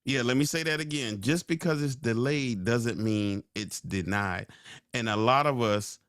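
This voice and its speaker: A man hosting a podcast, giving a sermon-like motivational talk, slowing down and repeating key lines for emphasis. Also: mid-range voice, a bit bright, dry recording, studio quality. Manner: slow, drawn-out emphasis. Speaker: podcast host.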